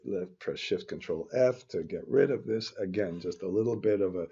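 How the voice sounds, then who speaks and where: Rambling older man, slow and husky. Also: fairly low pitch, warm tone. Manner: rambling, self-interrupting, grumbling asides. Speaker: finance instructor. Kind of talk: screen-recorded spreadsheet tutorial. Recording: dull lo-fi recording.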